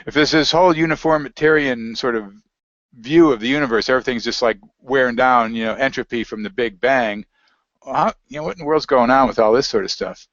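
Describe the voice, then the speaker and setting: A man's voice: medium pitch, brisk, a bit bright, dry recording. Rambling man in dull, dry audio. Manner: rambling, reads aloud from web pages. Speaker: interview guest. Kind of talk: casual conversational interview.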